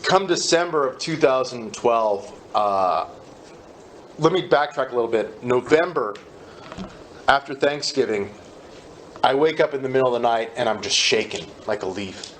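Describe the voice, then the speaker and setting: A man candidly telling his personal recovery story in a conversational, halting way at a meeting. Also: mid-range voice, animated, slight background noise.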